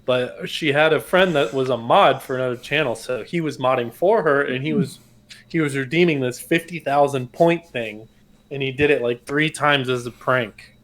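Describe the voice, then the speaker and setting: A man's voice: medium pitch, normal speed, fairly bright tone. An easygoing man hangs out on a friend's stream as a regular. His voice sits in an ordinary middle range. He chuckles often and slips in short anecdotes. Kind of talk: casual stream chat.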